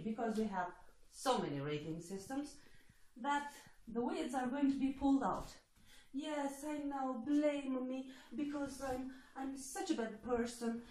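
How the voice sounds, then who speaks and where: A woman's voice: high voice, darkish tone. A woman from Eastern Europe talking in a blunt, sarcastic casual monologue, swearing freely as she addresses applicants to her test. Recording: echoey room with faint noise.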